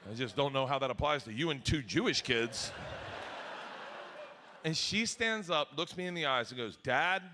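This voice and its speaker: A middle-aged man doing a crude stand-up comedy routine on stage, jumping between high and low voices as he acts out the people in his stories. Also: expressive, normal speed, pauses often, background noise. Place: comedy stage before a live audience.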